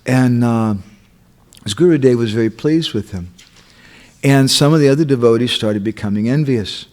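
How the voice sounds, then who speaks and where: A man's voice: medium pitch, moderate pace, a little mellow. Male temple speaker, storytelling sermon, mid-range voice. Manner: acts out quotes, checks in with listeners.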